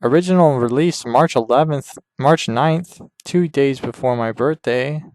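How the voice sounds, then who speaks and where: A man hosting a podcast, rambling crudely and deadpan through an improvised comedy monologue over a game. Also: mid-range voice, unhurried, dry recording, clean studio sound. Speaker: podcast host.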